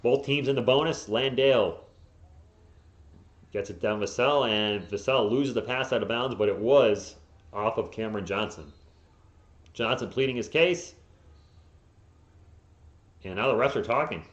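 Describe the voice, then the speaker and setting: A man delivers live play-by-play on his stream, openly rooting for one team, at an ordinary pitch and an unhurried pace with long pauses. When plays go wrong he bursts into frustrated yelling at the players. His home mic sounds roomy, echoey, dull and lo-fi.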